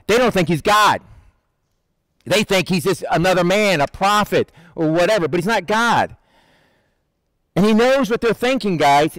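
A man delivers a relaxed, conversational sermon in a high voice, slipping into lively quoted voices as he tells the story. The sound is dry and close, with no room around it. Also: dry recording, rough recording. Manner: conversational, animated, acts out Bible figures in quotes. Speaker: preacher. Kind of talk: casual sermon.

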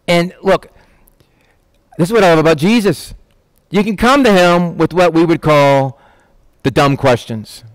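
A man's voice: unhurried, pauses often, no echo, rough recording. A middle-aged man preaching a conversational sermon, reading scripture and talking plainly and directly to his congregation. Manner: folksy, direct, acts out voices of disciples with a raised pitch. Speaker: pastor.

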